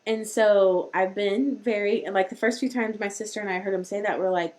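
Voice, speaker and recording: A woman's voice: medium pitch, normal speed, few pauses, a little mellow. A woman hosting a live-streamed parenting talk, chatty and rambling, with many restarts. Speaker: host.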